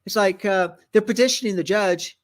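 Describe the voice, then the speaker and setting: A man's voice: high-pitched, moderate pace. A man hosting a Bible teaching show, thinking aloud with many fillers and restarts and reading scripture aloud. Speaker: ministry host and Bible teacher. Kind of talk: conversational Bible teaching on a broadcast.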